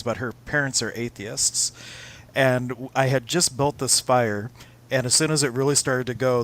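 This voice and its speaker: A man hosting a casual talk show, friendly and relaxed, sharing anecdotes. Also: mid-range voice. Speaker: podcast host. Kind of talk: casual chat.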